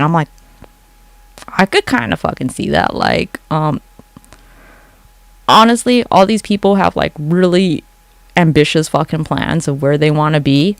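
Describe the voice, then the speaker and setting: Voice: mid-range voice, creaky, dry recording. A livestreamer chatting casually late at night from home into a phone, rambling, swearing freely and answering comments from chat.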